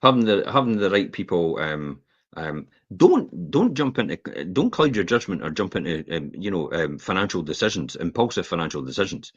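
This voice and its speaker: Animated, opinionated Scottish man, husky voice. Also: deep voice, normal speed, no room sound. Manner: opinionated, animated, laughs while ranting. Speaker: podcast host. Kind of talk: casual podcast chat. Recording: dull lo-fi podcast audio.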